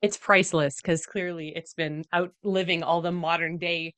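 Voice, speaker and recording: A woman hosting a podcast in casual chat, playful and quick to riff on ideas. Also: on the low side, fairly even intonation, fairly bright tone, clean tone. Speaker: podcast host.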